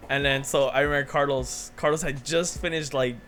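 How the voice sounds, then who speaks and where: A man's voice: mid-range voice, fairly even intonation, a little fast, fairly bright tone, a little hiss or hum. A young man co-hosting a podcast, telling stories in casual chat, swearing freely and laughing often. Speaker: podcast co-host.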